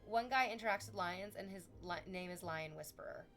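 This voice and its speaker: Talking fairly quickly with soft music in the background, a Canadian streamer chats casually with her viewers. She laughs often and stays animated, shifting into high, excited shrieks when she quotes things.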